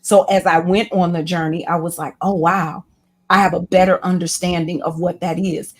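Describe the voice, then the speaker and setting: A woman's voice: fairly low pitch, level tone, moderate pace. Impassioned woman with a preacherly flow. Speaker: guest, women's class leader. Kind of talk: candid interview talk.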